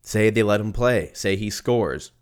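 A young man with a lowish voice rambles through a casual solo chat. He swears freely and wanders from point to point in a loose, conversational way. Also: unhurried, smooth.

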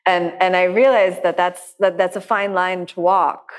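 A woman's voice: on the low side, steady tone, moderate pace. A woman yoga teacher giving a reflective talk to a class and then taking questions, speaking thoughtfully with frequent restarts. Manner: reflective, warm storytelling with many restarts. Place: studio class with people also joining online.

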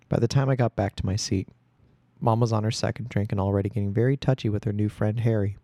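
A man reading a first-person story aloud in a steady storytelling voice. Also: on the low side, quick pace, no echo. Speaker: audiobook reader.

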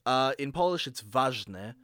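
A man's voice: medium pitch, lively intonation, a little slow, fairly bright tone, no room sound. A man co-hosting a casual film podcast, rambling and hesitant. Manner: rambling, hesitant, laughs often. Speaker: podcast co-host. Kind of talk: casual film review chat.

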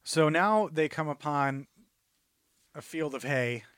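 A man's voice: on the high side, animated, slow, a bit bright, smooth, dry recording, studio quality. A man co-hosting a podcast in casual chat, joking and sardonic, with casual swearing. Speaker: podcast co-host.

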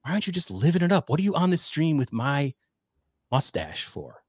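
A man's voice: fairly high pitch, very animated, fairly quick, husky, dry recording. A man co-hosting a casual podcast chat, sarcastic and self-mocking as he needles his friend. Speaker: podcast co-host.

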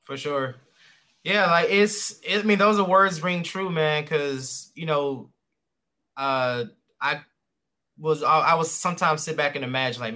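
A man hosts a relaxed podcast conversation in a bright, forward voice that sits a little high. He rambles through his stories, full of fillers and restarts. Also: measured pace. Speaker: podcast host. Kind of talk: casual interview chat.

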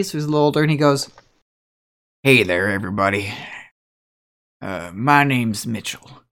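A woman running a tabletop game as game master, narrating scenes in a casual, chatty way with many "like"s. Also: sits low.

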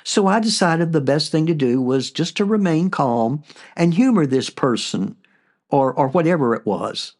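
A man hosting a podcast, narrating a personal story in a relaxed way with frequent fillers. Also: fairly high pitch, moderate pace. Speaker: podcast host.

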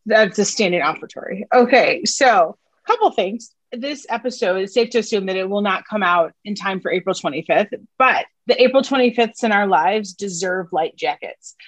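A woman with a Chicago accent co-hosting a podcast, bubbly and quick with asides, laughing as she goes. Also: medium pitch, lively intonation, dry recording. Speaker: podcast co-host. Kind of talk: casual podcast chat.

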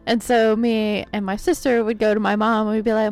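A woman's voice: medium pitch, level tone, brisk, darkish tone, clean tone. A woman in her thirties co-hosting a podcast, chatty and playful. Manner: laughs often, chatty and playful. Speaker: podcast co-host. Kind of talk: casual chat.

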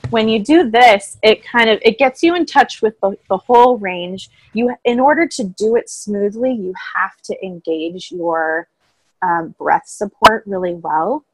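Woman guest, calm explainer, middle pitch, dry close mic. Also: measured pace, no echo, low-quality recording. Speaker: voice coach guest. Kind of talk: casual interview chat. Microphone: own microphone, remote call.

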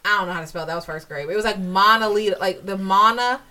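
Bright-voiced laughing woman host. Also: mid-range voice, racing, far from the mic. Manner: animated, laughing storyteller. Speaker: podcast co-host. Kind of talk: casual chat.

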